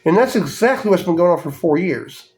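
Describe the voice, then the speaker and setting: A man's voice: sits high, animated, a little fast, a little mellow, soft background music. A man hosting a podcast, ranting angrily with heavy swearing and mocking voices. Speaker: podcast host. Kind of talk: profane ranting monologue.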